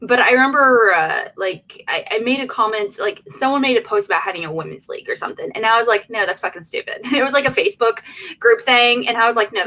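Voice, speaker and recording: A woman's voice: a little high, sharp tone. A woman co-hosting a podcast in casual chat, talking in a loose, laughing way and swearing casually. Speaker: podcast co-host.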